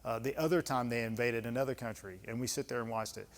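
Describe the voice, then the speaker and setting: Gravelly American man in a reverberant hall. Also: mid-range voice, fairly even intonation, quick pace. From United States. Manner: blunt, conversational, emphatic, with folksy asides. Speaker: guest speaker, retired senior Army enlisted leader. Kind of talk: candid lecture Q&A storytelling. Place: club lecture hall.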